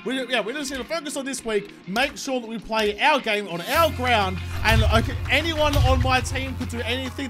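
A young man giving excitable, swearing commentary over a cricket video game he is playing. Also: extremely high pitch. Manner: excitable, swears freely, talks to his player. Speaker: gaming YouTuber. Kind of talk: gameplay commentary.

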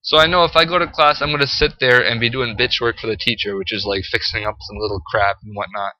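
A teenage high school boy ranting to camera, profane and exasperated, full of "like" and "freaking". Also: steady tone, fast, pushed and bright, a little hiss or hum, poor audio. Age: teens. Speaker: high school student vlogger.

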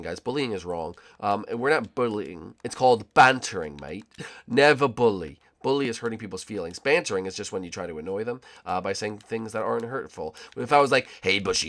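A young man hosting casual gameplay commentary, joking and bantering with sudden loud outbursts. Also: mid-range voice. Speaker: gaming channel host.

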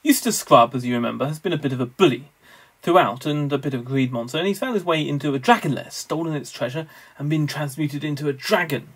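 A man delivers a lecture in a measured, scholarly manner, slipping in dry jokes now and then. His voice sits a little high for a man and is husky, with a gravelly rasp. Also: poor audio. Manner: measured, scholarly, wry asides. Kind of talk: recorded theology lecture.

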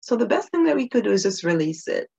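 A woman's voice: mid-range voice, big pitch swings, fast talker, creaky, a little mellow, slightly rough, highs cut off. A woman giving an earnest personal devotional talk, stressing her points by repeating phrases. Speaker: Christian video host.

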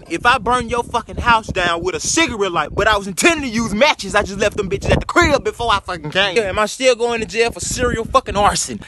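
Young man, high bright voice, profane comedy storytime rant, loud and animated. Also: a little hiss or hum. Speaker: comedic vlogger.

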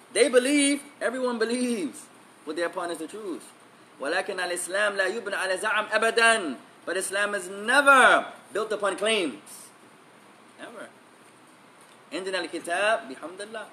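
A man's voice: sits high, sharp tone, a little hiss or hum. A man giving an emphatic religious lesson, repeating key phrases and switching between English and Arabic. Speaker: Islamic teacher.

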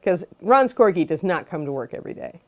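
A woman's voice: on the low side, very animated, a little fast, darkish tone. Chatty woman hosting a livestream. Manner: chatty, greets chatters one by one. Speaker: host of a miniature painting livestream. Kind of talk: casual livestream chat.

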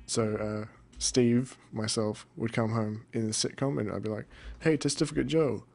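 A young man rambling through casual let's-play commentary, deadpan and cursing now and then. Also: fairly low pitch, a little slow, gravelly. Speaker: gamer.

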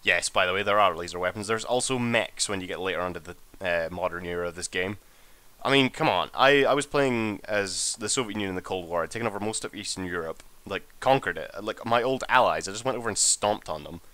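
A man giving casual, sweary gameplay commentary as a let's play host, excitable and muttering to himself as he plays. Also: low voice, fast, no room sound.

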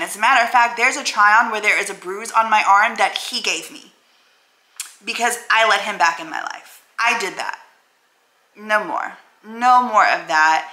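Woman vlogger, bright forceful voice, candid and blunt, swears freely, roomy echo. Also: a little high. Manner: emotional, blunt and self-affirming, cusses freely. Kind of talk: candid talking-to-camera vlog. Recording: roomy echoey room.

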